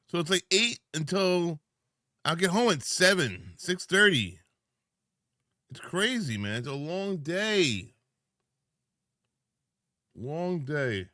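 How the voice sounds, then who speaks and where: Sleepy, drawn-out male streamer. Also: sits high, a bit bright, no room sound, studio quality. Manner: chatty, greets viewers by name, drawn-out words. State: sleepy, yawning. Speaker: live streamer. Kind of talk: casual live-stream chat.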